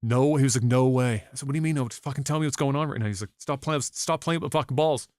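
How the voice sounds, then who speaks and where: A man's voice: medium pitch, quick pace, no room sound, clean studio sound. A man co-hosting a podcast, telling a story casually with lots of swearing and acted-out reactions. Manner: animated, profane, acts out his own reactions. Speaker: podcast co-host.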